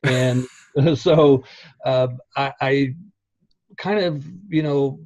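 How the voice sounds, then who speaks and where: A man's voice: mid-range voice, extremely slow, a little mellow, dry recording. A laid-back man, a guest on a podcast interview, chatting casually and laughing often. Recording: dull, muffled recording.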